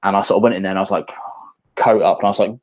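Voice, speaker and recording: A man's voice: fairly low pitch, fairly even intonation, rapid-fire. A British man hosting a casual livestream, chatting loosely and reading viewer comments aloud. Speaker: whisky channel host.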